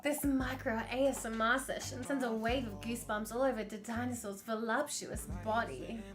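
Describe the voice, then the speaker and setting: Woman streamer, playful, fairly high voice, reads game text aloud over music. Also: steady tone, normal speed. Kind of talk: let's play with read-aloud narration.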